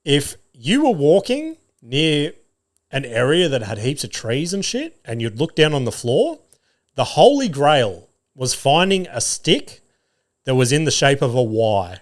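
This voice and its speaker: A man, hosting a solo podcast and telling sweary, animated stories about family life. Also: medium pitch, measured pace. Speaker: podcast host.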